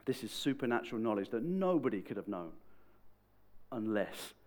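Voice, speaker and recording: A middle-aged man preaching in a conversational, lively way, with sudden bursts of emphasis. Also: medium pitch, normal speed. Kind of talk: sermon.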